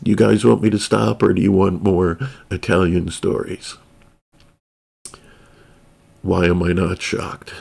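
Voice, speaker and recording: A man with a low, gravelly voice telling a personal story at an unhurried, drawn-out pace. He rambles wryly, trailing off into asides before picking the thread back up. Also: flat delivery, a little mellow. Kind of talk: casual storytelling.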